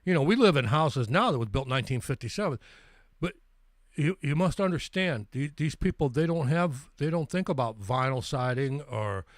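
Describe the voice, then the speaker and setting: A man's voice: medium pitch, lively intonation, normal speed, no room sound, clean studio sound. A man in his sixties telling a travel story on his live stream, rambling and stumbling over repeated words. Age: 60s. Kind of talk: casual storytelling.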